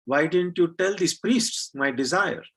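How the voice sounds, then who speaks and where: A man's voice: fairly high pitch, animated, unhurried, gravelly, fairly bright tone, slightly rough, voice pushed up, exaggerated voice. A man voicing a devout little girl who speaks with passion and insistence as he tells a story to a temple gathering. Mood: pleading.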